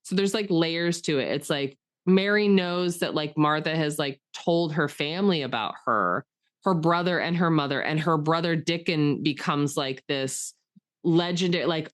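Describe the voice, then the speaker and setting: A chatty woman with a fairly low voice co-hosts a casual podcast. She rambles, leaning on fillers, and turns emotional and enthusiastic as she talks. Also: moderate pace. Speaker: podcast co-host. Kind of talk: casual chat.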